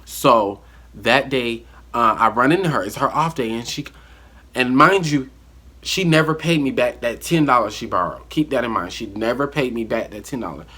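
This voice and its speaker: A man telling a story from his life in a casual vlog monologue, animated and acting out the dialogue. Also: medium pitch, normal speed, breathy edge.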